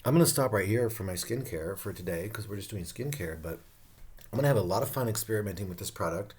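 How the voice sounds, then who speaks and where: A man's voice: lowish voice, animated, quick pace, darkish tone. A man giving a casual skincare review at home, campy, profane and playful, laughing often. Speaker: beauty vlogger reviewing skincare.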